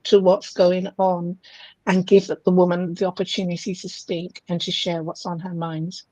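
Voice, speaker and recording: A woman guest in a podcast interview, speaking earnestly and in a measured way. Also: fairly low pitch, level tone, darkish tone, no echo, rough recording. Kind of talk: interview conversation.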